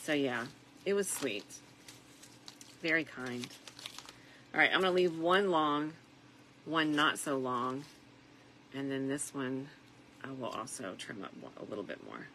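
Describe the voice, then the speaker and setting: A tired middle-aged woman chatting softly and reflectively as she makes a wreath, with plenty of fillers along the way. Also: very deep voice, a little slow, long pauses, a little hiss or hum, rough recording. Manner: soft-spoken and reflective, with frequent fillers. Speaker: craft vlogger. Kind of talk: casual crafting chat.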